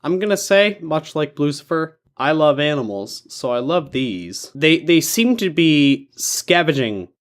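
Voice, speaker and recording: A young man co-hosting a podcast, chatting casually in a playful way. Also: expressive. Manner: unhurried, playful, swings in pitch. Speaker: podcast co-host. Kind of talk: casual chat.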